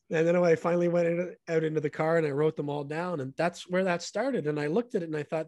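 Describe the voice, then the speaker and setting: A man's voice: fairly high pitch, steady tone, fast, no room sound. Earnest man telling stories, dry close mic. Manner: earnest, enthusiastic storyteller. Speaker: podcast guest. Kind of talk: casual storytelling conversation.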